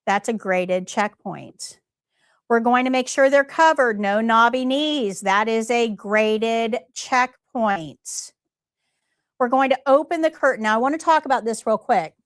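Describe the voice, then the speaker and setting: A woman's voice: fairly high pitch, unhurried, no room sound, studio quality. A middle-aged woman teaching a live nursing class, emphatic, repeating key points and quizzing her students. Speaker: nursing instructor.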